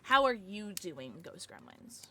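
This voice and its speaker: A young woman livestreams casually from home in a sharp-toned, mid-range voice that is very animated yet measured in pace. Between chats with viewers she gushes over gifts and baby-talks to her dogs.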